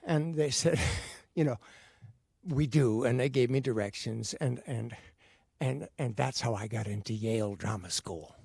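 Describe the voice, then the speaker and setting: A man in his sixties telling a personal story on a theater stage, acting out the dialogue and shouting some lines. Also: mid-range voice, normal speed, gravelly, breathy edge, no echo, clean studio sound. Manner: animated, acts out dialogue with shouts.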